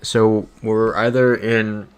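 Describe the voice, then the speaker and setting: A man's voice: lowish voice, level tone, takes it slowly, smooth. A young man chatting casually on a livestream while playing a geography game. He rambles through stories and reads viewer comments aloud.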